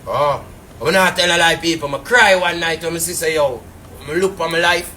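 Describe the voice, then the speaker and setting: A man's voice: a little high, normal speed, pushed and bright, slight background noise. A man with a Jamaican patois accent, ranting casually and indignantly on a live stream, rambling and repeating fillers. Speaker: businessman telling his side.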